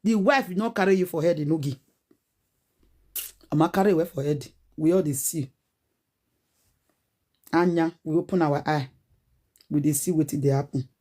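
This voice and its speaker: A woman's voice: medium pitch, warm tone. A Nigerian woman in her forties with a Nigerian Pidgin accent, ranting casually in a preachy, scolding way and firing rhetorical questions. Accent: Nigerian Pidgin English. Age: 40s. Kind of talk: animated casual rant.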